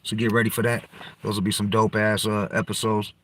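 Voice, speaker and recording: A man's voice: fairly low pitch, level tone, a little fast, a bit bright, a little hiss or hum. A man hosting a podcast, talking loosely in slang and profanity and jumping from topic to topic. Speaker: podcast host. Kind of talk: casual rambling chat.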